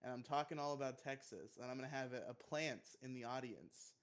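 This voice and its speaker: A man's voice: mid-range voice, fairly quick. A man co-hosting a casual podcast, stammering through ideas, joking and laughing often. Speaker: podcast co-host.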